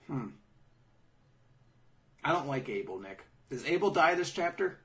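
A man recaps an anime episode in casual podcast chat, with sarcastic asides and plenty of swearing. His voice is lively, swinging up and down as he jumps between narration and jokes. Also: a little high, a little slow, recorded from a distance. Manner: animated, sarcastic, swears often. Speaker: podcast host.

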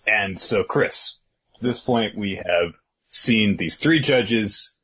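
A man's voice: on the low side, slow pace, bright, forceful tone, breathy edge. A man co-hosting a podcast, talking in a laid-back, rambling way with lots of fillers and chuckles. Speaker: podcast co-host. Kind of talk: casual podcast recap chat.

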